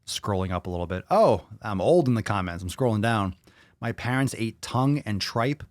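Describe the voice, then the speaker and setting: A man's voice: on the low side, expressive, moderate pace, no room sound, studio quality. A man hosting a podcast, reading viewer comments aloud and reacting to them bluntly, with a lot of swearing. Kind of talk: casual chat.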